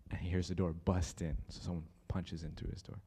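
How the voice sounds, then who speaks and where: A young man gives a church talk, telling a story with lively energy and acting out each person he quotes. His voice sits low and moves a little fast, with a breathy edge.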